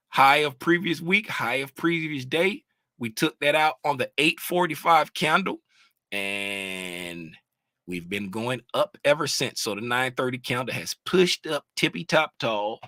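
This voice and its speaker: Guy breaking down trading charts live, bright forceful voice, slow and deliberate, keeps quizzing the chat. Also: medium pitch, no room sound, clean studio sound. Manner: animated, sings out terms, asks the audience questions. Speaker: trading educator.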